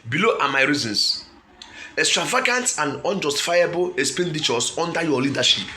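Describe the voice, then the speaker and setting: Emphatic Nigerian man, bright voice. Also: on the high side, animated, normal speed. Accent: Nigerian English. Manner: emphatic, asks himself "what?" before key words. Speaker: commentator. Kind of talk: reading and commenting on a statement.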